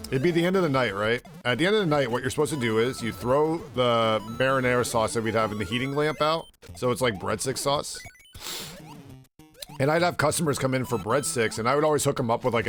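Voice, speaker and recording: A man's voice: mid-range voice, a bit bright. A young man streaming a game and chatting casually, rambling through a story full of "like" and swearing freely. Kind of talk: casual chat while gaming.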